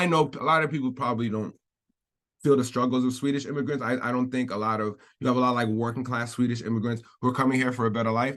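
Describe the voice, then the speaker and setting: A man's voice: medium pitch, a bit bright. Rambling man reading and riffing. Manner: rambling, repetitive, hedging, frequent laughs. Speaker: commentary vlogger. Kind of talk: casual commentary while reading out a news article.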